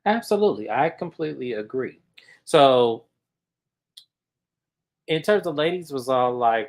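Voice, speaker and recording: Male recap co-host, animated storyteller, mid pitch, casual. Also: a little slow, pauses often. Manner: animated storyteller who acts out quotes.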